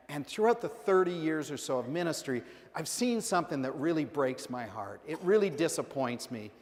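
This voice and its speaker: A middle-aged male pastor delivering a conversational sermon, acting out playful quoted voices. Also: fairly high pitch. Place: large church sanctuary. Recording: long church reverb.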